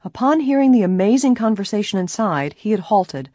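A woman narrating an audiobook in a steady, even storytelling manner. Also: medium pitch, a little fast, breathy edge, dry recording, studio quality. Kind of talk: scripted narration.

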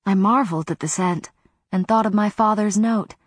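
A woman narrating a first-person novel in a measured, even reading voice, on a close studio mic. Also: mid-range voice, breathy edge, no echo. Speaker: audiobook narrator.

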